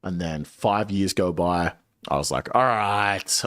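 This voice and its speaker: A man in his late twenties, a streamer telling a story to his chat in a casual, animated way, swearing often. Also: sits low, unhurried. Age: 20s. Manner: animated, swearing a lot, dramatic retelling.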